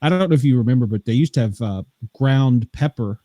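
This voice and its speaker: A man from the American South chatting easily on a podcast, pausing often with fillers. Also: medium pitch, expressive, mellow. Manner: easygoing, halting, lots of fillers. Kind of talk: casual podcast chat.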